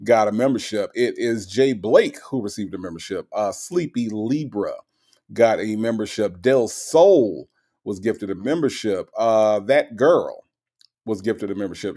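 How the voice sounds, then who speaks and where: A man's voice: lowish voice, animated, unhurried, warm tone. A man hosting a livestream, reading out viewer messages in a chatty, repetitive way that keeps tagging lines with okay and all right. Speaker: livestream host. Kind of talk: live-stream chat, reading viewer messages.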